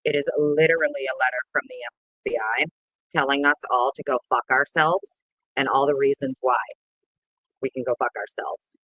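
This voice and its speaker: A woman hosts a casual livestream, greeting viewers by name in a playful, sing-song manner with bursts of sing-song and squeaky voices. Her tone is steady and fairly bright at a normal speed. The sound is lo-fi but has no echo.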